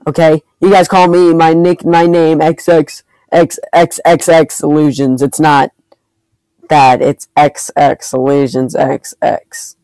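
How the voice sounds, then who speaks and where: A man's voice: a little high, flat delivery, takes it slowly, a little mellow, dry recording, low-quality recording. A man giving casual gameplay commentary, frustrated, swearing and ranting at other players. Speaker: gamer recording his play.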